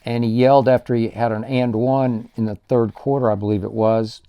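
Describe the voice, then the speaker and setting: A man's voice: mid-range voice, steady tone, fairly quick, smooth, lo-fi sound. An older man hosting a sports talk show, delivering an emphatic solo commentary that stacks up punchy superlatives.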